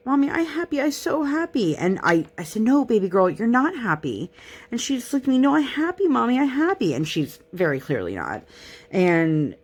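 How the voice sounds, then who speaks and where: A young woman chatting casually on her crafting vlog, rambling and self-deprecating as she talks close to the mic. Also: low-pitched. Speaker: crafting vlogger. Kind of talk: casual chat while crafting.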